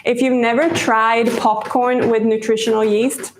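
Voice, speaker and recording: A woman's voice: on the high side, little pitch movement, measured pace, roomy sound, a little hiss or hum. A woman hosting a casual live-stream baking demo, chatty and rambling and laughing often. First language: Swedish. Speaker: cooking show host.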